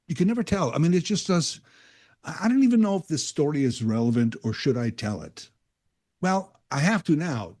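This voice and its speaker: Filling in as a guest talk radio host, a man rambles casually through a monologue in a dark, mellow, mid-range voice. He tells it like a self-aware storyteller who admits he's drifting off topic, seated close to a studio mic.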